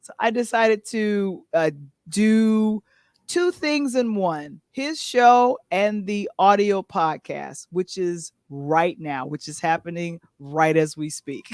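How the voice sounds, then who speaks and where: A woman hosting a casual live stream, chatty and excitable, laughing often. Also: mid-range voice, slow pace, no room sound. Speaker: host.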